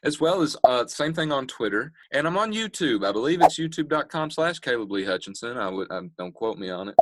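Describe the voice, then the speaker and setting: A man's voice: medium pitch, sing-song, fairly quick. A young man chatting as a guest singer, joking and playful, poking fun at himself. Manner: joking, playful, self-mocking. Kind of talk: casual interview chat.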